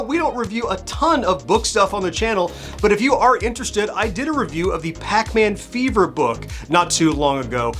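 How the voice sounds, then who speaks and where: A man in his forties hosting a nostalgia channel, chatting enthusiastically while unboxing and thinking aloud. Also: sits high. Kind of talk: casual unboxing narration. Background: soft background music.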